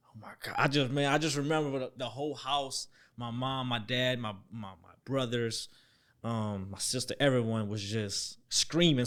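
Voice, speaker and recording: A young man telling a story as a podcast guest, acting out the voices he quotes, dropping to near-whispers and then jumping up loud. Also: medium pitch, moderate pace. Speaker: podcast guest, former football player. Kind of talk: storytelling in a casual interview.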